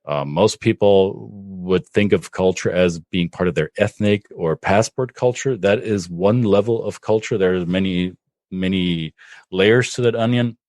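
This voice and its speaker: Guest: low-pitched man, German accent, thoughtful and measured, dry close sound. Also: darkish tone, no echo. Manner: thoughtful, measured explanations with frequent restarts. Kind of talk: podcast interview.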